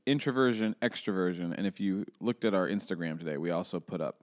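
A man's voice: low-pitched, quick pace. A man co-hosting a casual podcast, joking around and laughing often. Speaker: podcast co-host.

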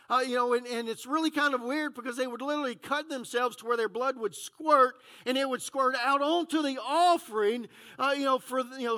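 High, bright-voiced man preaching. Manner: conversational, full of "uh, you know" fillers. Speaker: pastor. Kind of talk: sermon.

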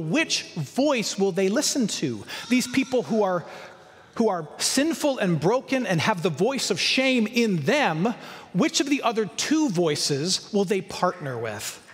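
A man's voice: sits high, big-room sound. A male pastor preaching a sermon, emphatic, with repeated lists and rhetorical questions.

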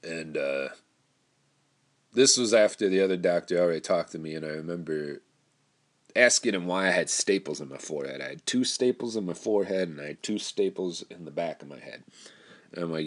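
Young guy, very low voice, rambling candid storyteller, casual. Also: animated, brisk. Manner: rambling, candid, with frequent restarts and profanity. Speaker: storyteller recounting personal experience.

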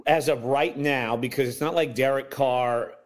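A man's voice: medium pitch, steady tone, moderate pace. A man who writes about sports, a guest on a podcast, breaking down football in casual chat with many hedges and restarts. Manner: hedging, many fillers and restarts.

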